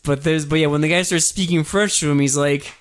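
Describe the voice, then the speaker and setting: A man's voice: fairly high pitch, fairly even intonation, brisk, clear, resonant tone. A man co-hosting a podcast, chiming in and finishing his co-host's sentences as they recap a horror film in casual chat. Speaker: podcast co-host.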